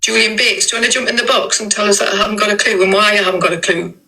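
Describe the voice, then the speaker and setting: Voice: mid-range voice, rapid-fire, vocal fry, bright, forceful tone, a little hiss or hum, rough recording. A livestream guest, talking bluntly and dismissively in casual chat, swearing freely.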